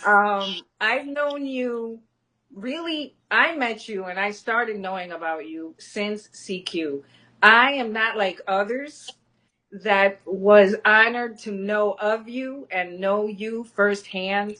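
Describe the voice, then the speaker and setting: A woman hosts a casual podcast interview. She talks at a slow, deliberate pace in a mid-range voice. She fills her pauses with soft ums as she introduces her guest. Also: medium pitch. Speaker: podcast host.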